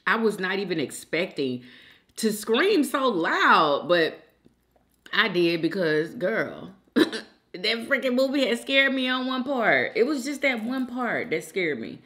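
Eating on camera for her mukbang, a young woman chats casually and addresses her audience as "y'all." She speaks with a medium-pitched, slightly bright voice.

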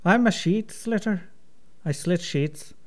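A man's voice: high-pitched, slow pace. A man voicing a cocky young Irish man from Dublin, in a put-on Irish accent, teasing and chirpy. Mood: mocking.

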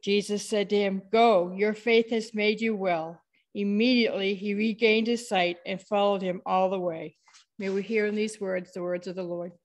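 A woman reading a gospel passage aloud in a church service, steady and measured. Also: mid-range voice. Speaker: scripture reader.

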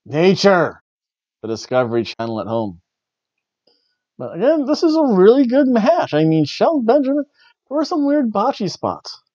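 A man's voice: extremely high pitch, wildly swooping pitch, normal speed, dark tone, no echo, dull audio. A man hosting a wrestling review show, rambling in casual chat with wry, jokey asides. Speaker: wrestling review podcast host.

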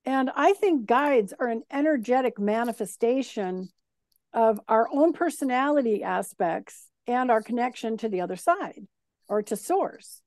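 High-voiced, animated woman, dry sound. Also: no room sound. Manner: animated storyteller who acts out voices. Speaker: guest talking about spirit guides. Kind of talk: casual interview chat.

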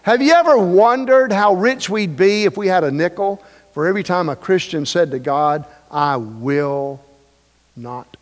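A man's voice: high voice, moderate pace. A male pastor preaching a sermon, emphatic and repetitive, with joking asides. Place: church sanctuary. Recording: long reverb of a church hall.

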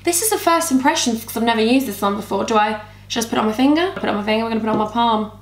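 Young woman vlogger, high and bubbly, chats to herself through a makeup tutorial in an echoey room. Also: rapid-fire, a little hiss or hum. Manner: bubbly, rambling, talks to herself and her camera. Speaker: beauty vlogger. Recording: roomy echo.

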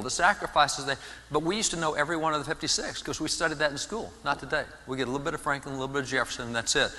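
A man giving an animated sermon-style history talk in a church, often restarting his words. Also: medium pitch. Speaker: guest speaker on history. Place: large church sanctuary. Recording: long church reverb.

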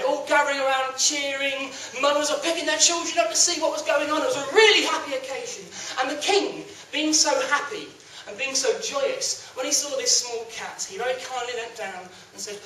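A young man storyteller telling a folk tale to a live audience in a lively, animated way. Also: extremely high pitch. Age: young adult. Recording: echoey hall from a distance.

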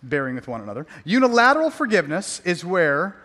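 A man's voice: high voice, huge pitch swings, quick pace, fairly bright tone, in a large hall. A man preaching a sermon as pastor, emphatic and repetitive, with jokey asides.

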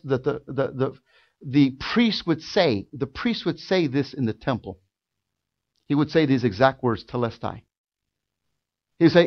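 A man preaching a sermon in a church, building from quiet, drawn-out lines to loud, fervent shouting. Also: a little high, highs cut off. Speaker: pastor. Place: church sanctuary.

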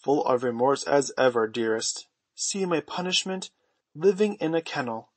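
A man's voice: mid-range voice, expressive, normal speed, no echo, close to an everyday voice. A man doing a proud, dramatic middle-aged father. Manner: self-satisfied, dramatic exclaiming.

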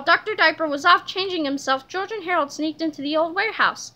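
A woman reading a children's book aloud in an animated, playful way. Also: very high-pitched, quick pace, hardly any pauses. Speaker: reader.

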